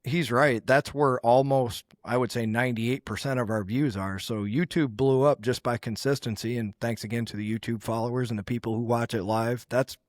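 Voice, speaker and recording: A man co-hosting a podcast, offering encouraging advice in a relaxed, conversational way. His pitch sits in the middle for a man, and the sound is dry with no room echo. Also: moderate pace, hardly any pauses. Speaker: podcast co-host. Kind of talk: casual chat.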